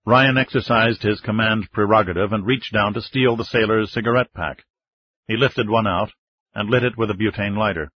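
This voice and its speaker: A man narrating a thriller audiobook in a measured, steady storytelling manner. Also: fairly low pitch, breathy edge. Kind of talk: scripted narration. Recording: slightly dull lo-fi recording.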